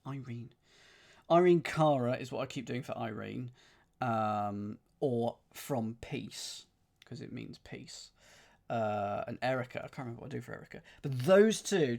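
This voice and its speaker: A man's voice: medium pitch, vocal fry, darkish tone. A man streaming himself solving a cryptic crossword, thinking aloud, repeating clues under his breath and counting out letters. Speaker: puzzle streamer.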